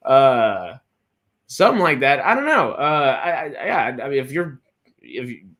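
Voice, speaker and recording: A man's voice: medium pitch, very animated, measured pace, a bit bright. A man from Texas hosting a casual livestream chat, rambling with frequent restarts and fillers. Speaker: host.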